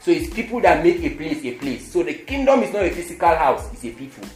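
A man preaching a sermon. He talks emphatically, repeats his points and swings between loud declarations and quiet lines. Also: fairly high pitch, very animated, quick pace. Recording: echoey room with music behind.

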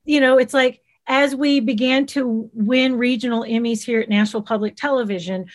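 Southern lady, middle-aged, chatty and animated, kinda high voice, does little voices for the people in her stories. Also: moderate pace. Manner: lively, animated, acts out quoted voices. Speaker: guest, children's TV creator. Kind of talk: casual interview storytelling.

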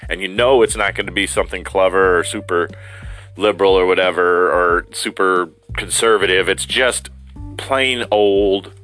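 A man's voice: deep voice, normal speed, pushed and bright, faint music behind. A middle-aged man from Ohio rambling in a casual, self-deprecating monologue, slipping into silly voices as he talks. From Ohio, USA. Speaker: vlogger.

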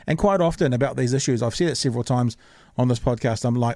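A man hosting a casual podcast lays out his views in an earnest, opinionated way, thinking aloud as he goes. His voice is of middling pitch and sounds dry and close, with no room echo. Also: fast, warm tone. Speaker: podcast host.

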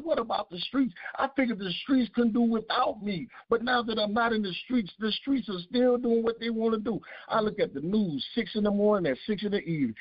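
A guest with a high-sitting male voice gives earnest, emotional testimony in a preaching cadence, repeating his key phrases. The recording is dry, with a dull lo-fi sound.

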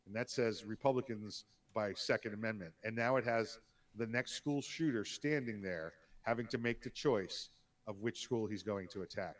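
A man's voice: on the low side, normal speed. A man co-hosting a casual political talk podcast, speaking plainly with short replies. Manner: plain, terse, reads ads. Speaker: podcast co-host.

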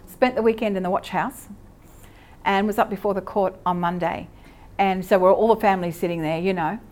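This is a woman from Australia teaching a church session, her sermon delivered conversationally with fillers and corrections along the way. She speaks at medium pitch, fairly fast, with a slightly mellow quality.

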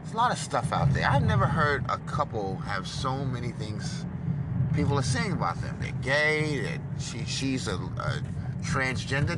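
A man rants on his own commentary show, loud and combative, swearing freely and preaching at his listeners. His pitch sits in an ordinary middle range. The recording has clear car noise behind him. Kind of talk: ranting political commentary.

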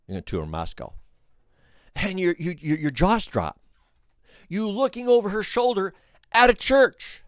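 A man hosting a podcast, telling a story in an animated way, restarting phrases and speaking straight to the listeners. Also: high-pitched, a little slow, pauses often, dry recording, studio quality. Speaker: podcast host. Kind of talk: storytelling commentary.

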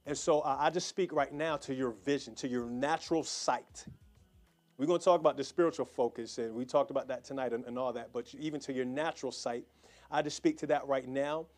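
A man preaching, praying fervently over his listeners and appealing for an offering, with many repeats and quick restarts. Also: medium pitch. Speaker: pastor.

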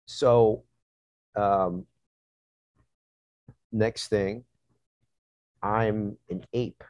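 A man telling a story in conversation, profane and animated, acting out scenes as he goes. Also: on the low side, extremely slow, no echo, lo-fi sound.

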